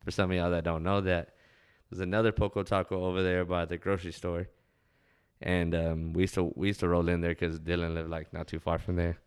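A man's voice: sits low, little pitch movement, brisk, clear, resonant tone. A young man telling laid-back, profane stories from his hometown. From West Texas. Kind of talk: casual storytelling monologue.

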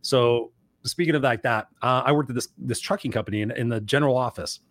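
A man's voice: medium pitch, a bit bright, no room sound. A man co-hosting a casual show, reading viewer comments and telling a story, swearing often. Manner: quick, swearing, reactive. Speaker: co-host.

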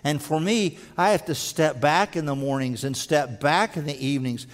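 A man preaching a sermon in earnest, stumbling over restarts and dropping to a slow, quiet voice for emphasis. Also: a little high. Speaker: pastor. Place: church sanctuary. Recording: long hall reverb.

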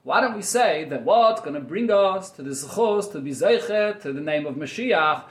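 Male teacher, high voice, reads then explains line by line; roomy echo. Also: expressive, moderate pace. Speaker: Torah teacher. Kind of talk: text study class, reading Yiddish and explaining in English.

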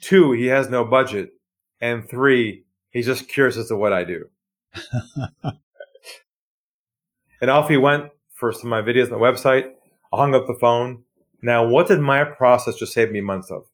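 A man telling sales stories in a podcast interview, acting out phone calls with lively shifts. He drops his voice low and quiet for effect, then jumps high when playing excited callers. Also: unhurried, pauses often. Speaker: sales trainer guest.

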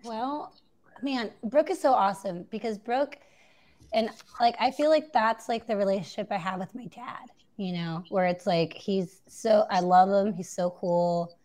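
A woman's voice: mid-range voice, a little slow, darkish tone. A woman with a New Zealand accent, co-hosting a podcast in casual chat, chatty and giggly with many fillers. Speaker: podcast co-host.

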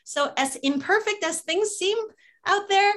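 High-voiced woman, earnest and repetitive. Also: measured pace, fairly bright tone. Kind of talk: casual spiritual talk.

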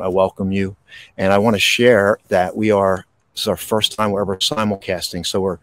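A man hosting a podcast, guiding a slow, soothing breathing meditation outdoors. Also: lowish voice, dry recording. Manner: slow, soothing, calm delivery with pauses. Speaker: podcast host and meditation guide. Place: outdoors in a park. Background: birds.

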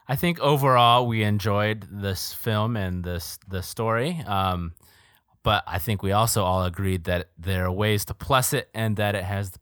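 A man's voice: on the low side, fairly bright tone, dry recording. Dry-sounding joking male podcast co-host. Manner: jokey, hesitant with frequent ums. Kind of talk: casual chat.

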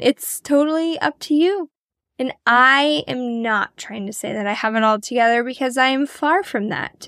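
A woman's voice: high-pitched, no room sound. Encouraging chatty woman, dry sound. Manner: encouraging, chatty, self-deprecating. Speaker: podcast host. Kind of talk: casual motivational monologue.

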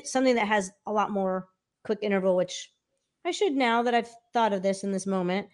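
Brief: woman vocal coach, middle pitch, lively and animated, casual interview guest. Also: brisk. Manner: animated, demonstrates by singing snippets.

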